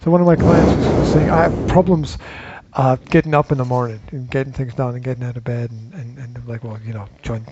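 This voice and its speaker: A man's voice: mid-range voice, fairly even intonation, fast talker, few pauses, lo-fi sound, very noisy. A man hosting a casual podcast chat, teasing his co-host and laughing often.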